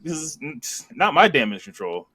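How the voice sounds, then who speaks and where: A man's voice: fairly high pitch, unhurried, crowd noise. Laughing, rambling podcast co-host man. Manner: rambling, laughs often, animated retellings. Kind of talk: casual wrestling recap chat.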